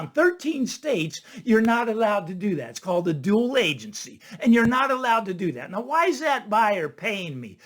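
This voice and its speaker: Animated older man, repeating for emphasis. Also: sits high. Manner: emphatic, repeats key phrases, chuckles. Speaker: real estate listing agent. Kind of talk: casual monologue to camera.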